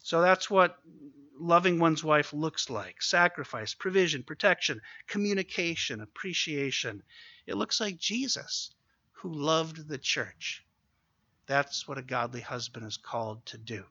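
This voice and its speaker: Earnest preaching man, bright voice. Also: fairly high pitch, animated, husky, no room sound, highs cut off. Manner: earnest, exhorting, slows down for emphasis. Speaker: pastor. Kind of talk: sermon.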